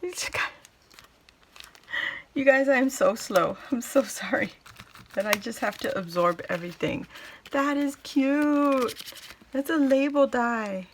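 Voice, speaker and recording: A woman unboxing a craft gift for her viewers in casual chat, gushing and exclaiming with delight, then slowing down to take it all in. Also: high voice, slight background noise. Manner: slow and drawn out between exclamations.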